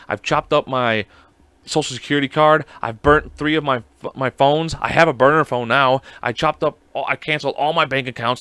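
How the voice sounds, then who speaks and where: A man's voice: mid-range voice, sharp tone, dry recording. A man hosting a podcast alone, chatting casually in a rambling, profane, self-mocking way. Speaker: podcast host. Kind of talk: casual solo chat.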